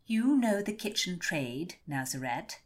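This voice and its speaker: A young lady of the court who loves gossip, voiced by a woman narrator. She leans in with eager, half-whispered chatter, her voice rising and dipping in a lively way. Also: fairly low pitch, measured pace, pitched above the performer's own voice. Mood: gossipy.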